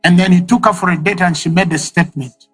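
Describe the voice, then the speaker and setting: A man's voice: high-pitched, fairly even intonation, fast, a bit bright, slightly rough, faint music behind, rough recording. A man preaching a sermon, emphatic and repeating key phrases for effect.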